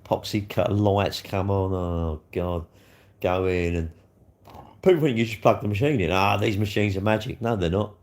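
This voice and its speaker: A middle-aged man, chatting on a live stream in a loose, rambling way. His voice sits fairly low, and he swears freely as he answers viewers. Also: moderate pace, darkish tone. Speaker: livestreamer. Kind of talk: casual live-stream chat.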